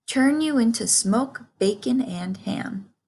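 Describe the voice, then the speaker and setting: A woman's voice: on the high side, expressive, takes it slowly, dark tone, husky, exaggerated voice. A woman voicing a blunt, gossipy old female sheep while reading a storybook aloud. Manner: blunt, matter-of-fact.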